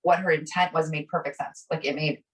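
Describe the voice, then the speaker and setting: A middle-aged woman co-hosting a casual conversation, telling a personal story with animated delivery and acting out the voices of people she quotes. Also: low-pitched, fast talker. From Italian American. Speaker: podcast co-host. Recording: voice a bit distant from the mic.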